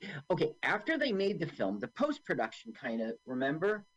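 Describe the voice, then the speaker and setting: A man chatting casually on a radio show while watching a movie, joking and tossing in quick silly voices. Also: a little high, poor audio. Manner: animated, jokey, does quick silly voices. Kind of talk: casual movie commentary chat.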